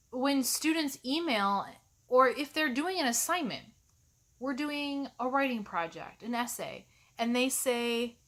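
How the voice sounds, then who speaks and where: Exasperated woman teacher venting on camera, sharp bright tone, sarcastic edge. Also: high voice. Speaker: college instructor. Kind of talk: ranting vlog to camera.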